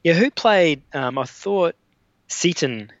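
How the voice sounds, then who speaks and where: A man's voice: on the high side, lively intonation, slow, no room sound, muffled recording. A man with an Australian accent, a podcast guest, talking through film opinions with many fillers and restarts. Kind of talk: casual film discussion.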